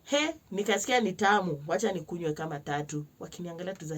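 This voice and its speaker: A young Kenyan woman telling a personal story to camera in a lively vlog, switching between slangy Swahili and English and acting out other people's lines. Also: fairly low pitch, fast talker. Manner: animated, mixes slang-heavy Swahili with English. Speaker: vlogger.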